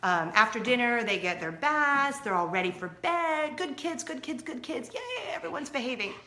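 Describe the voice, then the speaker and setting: Chatty, bright-voiced mom vlogger. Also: female voice, on the high side, normal speed. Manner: chatty and expressive, swinging from loud to hushed. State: injured, in a leg cast. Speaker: parenting vlogger. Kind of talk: casual chat to camera.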